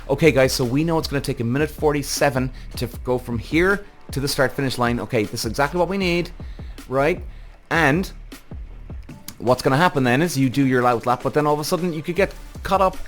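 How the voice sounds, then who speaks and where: A man hosting a podcast, ranting heatedly with lots of swearing in casual commentary. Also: a little high. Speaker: podcast host.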